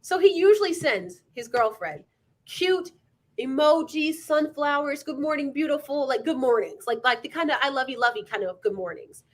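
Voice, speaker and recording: A young woman in her twenties with a high voice, guesting on a podcast. She talks in a relaxed, playful way, teasing her host and laughing along. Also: moderate pace. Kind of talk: casual chat.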